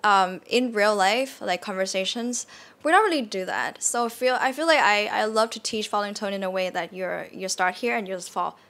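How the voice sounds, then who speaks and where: A woman with a Thai accent gives a casual online lesson and keeps saying words over and over to show each tone. Her voice is bright and clear and sits at an ordinary pitch. She talks in a chatty, relaxed way with plenty of fillers. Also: normal speed. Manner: demonstrates tones by repeating words, chatty with many fillers. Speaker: Thai language teacher.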